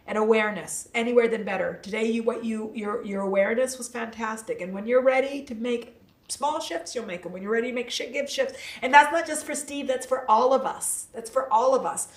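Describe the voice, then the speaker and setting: A woman hosting a casual livestream, laughing often and reading out viewer comments. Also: a little high. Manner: chatty, laughing, reads viewer comments aloud. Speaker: livestream host. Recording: echoey room, distant mic.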